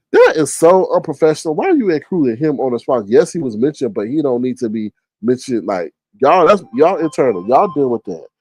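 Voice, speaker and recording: Animated man telling a profane story. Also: dry recording. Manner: animated, profane, jumps into high-pitched exclamations when quoting himself. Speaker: streamer host. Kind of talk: casual storytelling rant.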